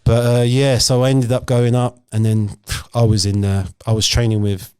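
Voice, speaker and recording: A man's voice: mid-range voice, level tone, moderate pace, a little mellow, clear, resonant tone, no echo. A man, a former footballer telling anecdotes as a podcast guest. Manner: storytelling, acts out voices in his anecdotes.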